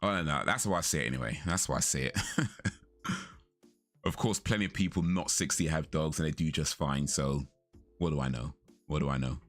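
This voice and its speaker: A man's voice: rumbling low, a little fast, long pauses. A young man casually chatting with viewers on a live stream, rambling, correcting himself and laughing often. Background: faint lo-fi music.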